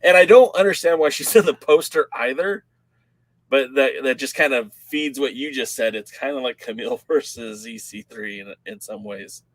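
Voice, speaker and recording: A man co-hosting a wrestling chat podcast, his pitch sitting in a middle range. He tells stories with a lot of energy and acts out the voices of the people in them. The sound is dry, with no room around it. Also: normal speed, vocal fry, no room sound, rough recording. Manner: animated storyteller, acts out quoted voices. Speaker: podcast co-host.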